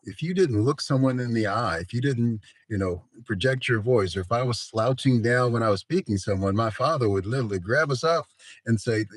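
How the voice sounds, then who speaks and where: A middle-aged man and college president, a podcast guest telling stories about his career in a measured way with frequent fillers. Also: medium pitch, fairly bright tone, no echo. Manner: measured, storytelling, frequent "you know". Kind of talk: podcast interview.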